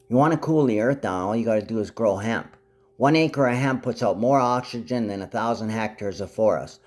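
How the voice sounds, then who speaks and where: Low-voiced man, rambling vlog monologue. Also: brisk. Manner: rambling, jumps between topics, sudden pitch leaps; speaks to his mother directly, affectionate.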